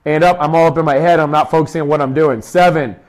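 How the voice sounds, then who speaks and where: A man's voice: a little high, steady tone, quick pace. Upbeat man coaching, counting reps. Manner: talks quietly to avoid shouting into the mic. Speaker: fitness coach. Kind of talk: guided exercise instruction.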